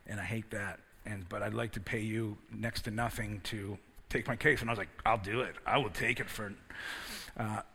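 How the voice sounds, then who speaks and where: Male preacher, gravelly and husky, personal testimony rising to emphatic sermon delivery. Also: on the low side, fairly even intonation, moderate pace. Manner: personal story building to loud, emphatic preaching.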